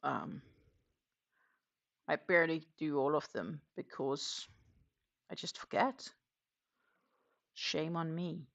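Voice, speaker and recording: A woman hosting a crochet livestream, chatting in a relaxed, rambling way while she works. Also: low voice, slow pace, gravelly, long pauses, muffled recording. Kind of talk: casual livestream chat.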